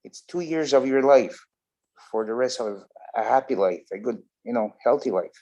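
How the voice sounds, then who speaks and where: A man with a Canadian accent speaks as an interview guest. He talks earnestly at a middling pitch and often stops to restart a thought. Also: lively intonation, moderate pace, dark tone, dull audio. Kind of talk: casual interview.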